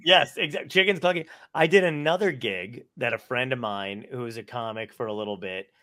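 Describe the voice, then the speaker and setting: A man's voice: medium pitch, a little fast, dry recording, studio quality. A man, a stand-up comedian, telling profane stories in casual chat and acting out the people in them. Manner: profane, animated, acts out quoted dialogue.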